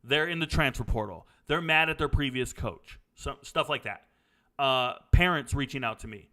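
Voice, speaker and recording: Bright-voiced blunt man hosting Q&A. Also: medium pitch, moderate pace. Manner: blunt, opinionated, drifts into stories. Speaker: sports commentary host answering viewer questions. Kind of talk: casual live Q&A chat.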